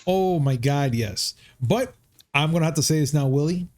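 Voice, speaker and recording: A man's voice: a little high, lively intonation, moderate pace, darkish tone, soft background music. A man from hosting a casual geek news podcast, upbeat and hyped, swearing freely. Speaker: podcast host. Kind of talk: casual chat.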